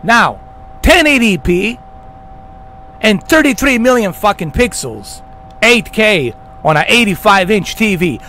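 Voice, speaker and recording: A man's voice: sits high, sing-song, a little slow, pushed and bright. A man hosting a gaming channel, delivering a heated, profanity-filled rant with emphatic repetition.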